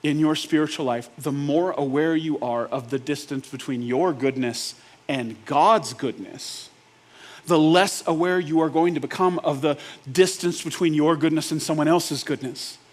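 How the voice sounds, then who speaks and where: Man, pastor, sermon, casual joking delivery, talks straight to the congregation, voice pitched a bit high. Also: normal speed. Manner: asks the audience rhetorical check-ins.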